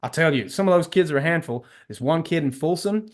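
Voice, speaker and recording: A man's voice: fairly high pitch, a little fast, natural voice. A man voicing a brash, clueless Southern American man with a put-on Texan accent and chummy, rambling talk. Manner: chummy, rambling, over-eager.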